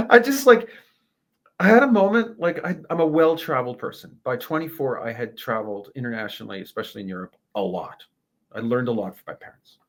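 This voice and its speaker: A man, a guest telling a lively travel story in a casual interview, laughing and swearing as he goes. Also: mid-range voice, fairly quick. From Canada.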